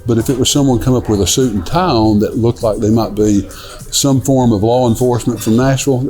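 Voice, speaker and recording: A middle-aged man, a restaurant owner telling stories in a relaxed, rambling way with lots of fillers, inside a dim restaurant. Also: medium pitch, fairly quick, soft background music. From Newport, Tennessee. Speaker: restaurant owner, son of the founder. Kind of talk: casual storytelling interview.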